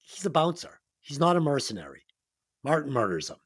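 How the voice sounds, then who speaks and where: A man's voice: medium pitch, sing-song, brisk, breathy edge. A man co-hosting a movie review podcast, chatting casually and enthusiastically, swearing now and then. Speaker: podcast co-host.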